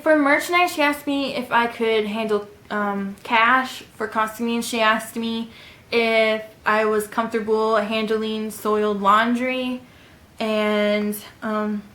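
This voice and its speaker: A young woman in her twenties talks through casual tips to camera in a slightly high voice. She rambles chattily, filling gaps with ums. The room around her sounds echoey. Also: fairly bright tone. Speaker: vlogger. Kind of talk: casual advice vlog.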